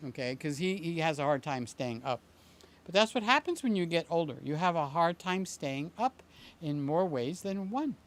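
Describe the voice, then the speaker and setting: A man's voice: a little high, fairly bright tone. An older man hosting a live stream, chatting casually in a rambling, joking way with many fillers and asides.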